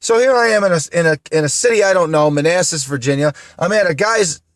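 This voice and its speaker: A man's voice: a little high, expressive, quick pace, no echo, studio quality. A man in his thirties from upstate New York, venting to the camera in an upset, indignant way, tearful and repeating himself. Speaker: vlogger.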